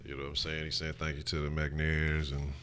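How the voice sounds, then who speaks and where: Male streamer with a Houston accent, extremely low pitch, casual and profane, chatty sports talk. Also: monotone, a little fast, fairly bright tone, clear, resonant tone. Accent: Houston, Texas. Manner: slangy, loose, profane, chatty. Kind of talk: casual live reaction stream.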